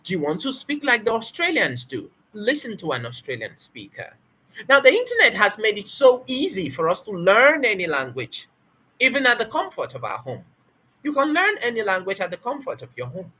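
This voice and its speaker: A woman's voice: medium pitch, wildly swooping pitch, moderate pace, bright, forceful tone, slightly rough. A woman teaching spoken English in an emphatic motivational talk, repeating key words and asking rhetorical questions.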